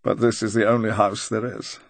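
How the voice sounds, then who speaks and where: A man voicing a dry, probing retired agent of fifty, speaking slowly and quietly. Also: lowish voice, level tone, no echo, close to an everyday voice. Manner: slow, quiet, deliberate.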